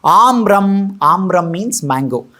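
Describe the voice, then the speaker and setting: A man's voice: high voice, animated, takes it slowly, sharp tone. A man with an Indian accent giving a scripture lecture at a temple, explaining verses line by line and asking rhetorical questions. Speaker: temple speaker.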